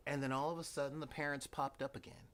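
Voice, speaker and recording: A man's voice: mid-range voice, little pitch movement, quick pace, a bit bright. A man in his forties talking casually as host, with wry, dramatic, sighing asides. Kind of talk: casual rambling monologue.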